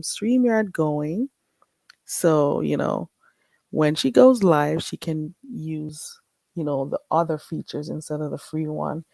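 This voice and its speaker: A Caribbean-accented woman with a low, mellow voice and vocal fry chats bluntly and casually with viewers on her livestream, laughing often. There's no room sound.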